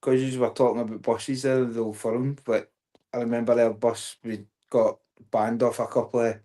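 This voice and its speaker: A Scottish man with a mid-pitched voice, telling rowdy anecdotes in a casual chat among friends. He talks in a loose, conversational way and laughs along with the others. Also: little pitch movement, moderate pace, mellow.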